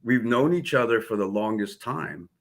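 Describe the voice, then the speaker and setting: A man's voice: medium pitch, normal speed. A man with a New Jersey accent, born in the Philippines, casually telling stories as a martial arts guest and acting out quoted dialogue with laughs. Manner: laid-back, laughing, acts out quoted dialogue. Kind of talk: casual storytelling interview.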